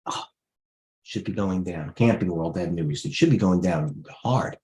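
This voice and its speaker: A man's voice: low voice, normal speed, a little mellow. Middle-aged male trading host, brash and blunt, rattles off tickers live to viewers. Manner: blunt, jumpy, talks to viewers directly. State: out of breath. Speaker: stock trading livestream host. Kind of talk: rapid-fire live market commentary.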